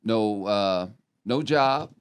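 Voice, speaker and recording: A man's voice: lowish voice, expressive, very slow, clear, resonant tone. A middle-aged American man telling loose, profane stories as a podcast guest, trailing off and restarting his sentences. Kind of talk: loose rambling storytelling.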